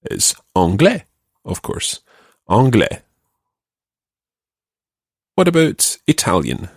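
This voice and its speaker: A man teaching a podcast language lesson, patiently giving phrases and slowing down to model pronunciation. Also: lowish voice, very animated, breathy edge, dry recording, clean studio sound.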